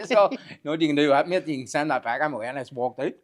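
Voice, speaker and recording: A man's voice: a little high, fast talker. Swearing storyteller man. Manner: swears freely, animated anecdotes. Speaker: podcast guest. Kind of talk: casual storytelling chat.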